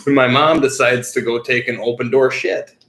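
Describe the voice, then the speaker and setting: A young man co-hosting a podcast, telling stories in a profane, animated way. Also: mid-range voice, moderate pace, roomy sound. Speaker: podcast co-host. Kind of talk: casual chat.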